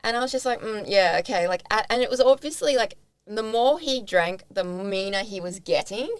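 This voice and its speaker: A young woman with an Australian accent tells a story in casual podcast chat, slipping into the voices of the people she quotes. Her voice is smooth and resonant, recorded close and dry with no room sound. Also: fairly high pitch, moderate pace, dry recording. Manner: animated retelling, quoting both sides of a conversation. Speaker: podcast co-host.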